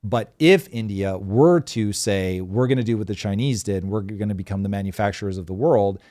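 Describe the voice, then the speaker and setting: A man hosting a live show, explaining economics in a measured, casual way with frequent fillers. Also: fairly low pitch, dark tone, no echo, clean studio sound. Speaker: show host.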